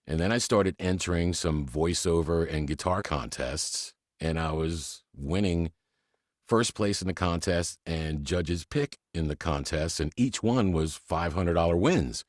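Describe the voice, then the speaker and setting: A man with a very low voice tells his stories in a loose, animated way, breaking into laughter along the way. He is a voice actor talking shop on a podcast. The sound is close and dry. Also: measured pace, dry recording. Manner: lively storyteller, laughs often; mimics voices. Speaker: voice actor guest. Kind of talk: casual podcast interview.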